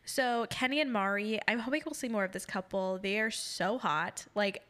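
A woman's voice: medium pitch, normal speed, a bit bright. A woman hosting a podcast, chatting casually and gushing, often laughing. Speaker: podcast host. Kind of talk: casual chat.

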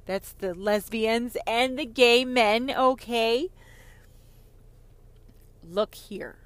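A woman giving a heated monologue on faith, sarcastic and profane, swinging from loud outbursts to whispers. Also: medium pitch. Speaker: online Christian commentator.

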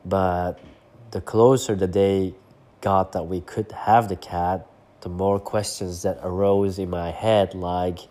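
Deep, dark-toned nasal man. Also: slow. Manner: relaxed, searching for words with frequent fillers. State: stuffy from hay fever. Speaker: podcast host and coach. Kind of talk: casual solo podcast monologue.

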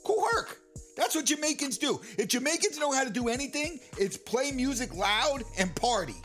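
A man's voice: very high voice, lively intonation, normal speed, a bit bright. A man co-hosting a casual talk show, talking emphatically about music history and the industry. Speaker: podcast co-host. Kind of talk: casual chat.

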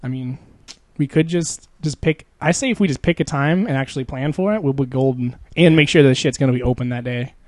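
A man's voice: mid-range voice, a little fast, no echo. A young man chatting casually with a friend, rambling, swearing a lot and laughing often. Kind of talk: casual chat.

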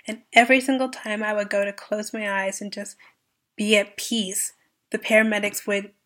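A young woman in her twenties from Canada recounts her own story as a podcast guest. Her voice is bright and forceful, and she talks in a vivid, earnest way, acting out the lines of the people in the story. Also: mid-range voice, level tone, moderate pace. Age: 20s. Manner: earnest, vivid retelling with quoted dialogue. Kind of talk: personal storytelling.

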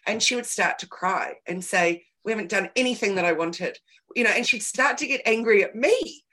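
A woman's voice: mid-range voice, lively intonation, normal speed, pushed and bright. A woman hosting a casual chat, telling candid stories with emphatic repeated words.

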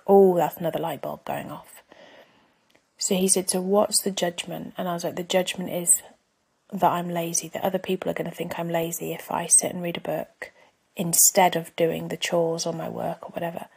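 A woman's voice: fairly low pitch, creaky, darkish tone, husky. A woman hosting a podcast, talking candidly in a reflective personal monologue, often dropping to a near-whisper. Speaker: podcast host.

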